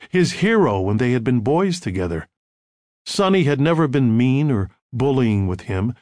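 A man narrating an audiobook in a measured, grave tone. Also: mid-range voice, a little mellow, no room sound, studio quality.

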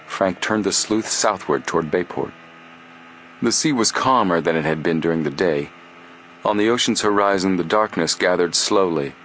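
A man narrating an adventure audiobook in a steady, measured storytelling voice. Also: sits low, slight background noise. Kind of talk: scripted narration.

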